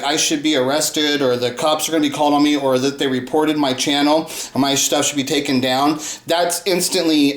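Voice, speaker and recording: A man hosting his own channel, going from calm explanation into profane, furious shouted rants. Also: a little high, reverberant. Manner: swings from calm talk to furious shouted cursing. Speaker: channel host. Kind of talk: profane ranting response video.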